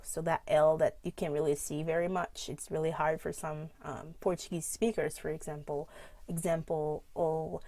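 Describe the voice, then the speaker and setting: Woman pronunciation teacher, lowish gravelly voice, dry close recording, casual, drills words with heavy stress. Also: no echo. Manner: demonstrates words slowly with exaggerated stress, laughs often. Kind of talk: casual video lesson.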